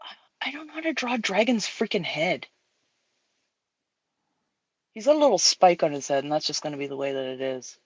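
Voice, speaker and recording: A woman's voice: low voice, lively intonation, moderate pace, long pauses, dry recording. A woman co-hosting a casual livestream chat while drawing, talking candidly and earnestly with frequent restarts. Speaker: livestream co-host drawing on stream.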